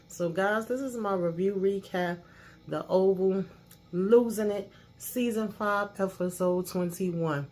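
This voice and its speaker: A woman's voice: medium pitch, slow, a little mellow. A woman hosting a casual TV episode recap, sassy, ranting and swearing freely. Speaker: host of a TV recap channel.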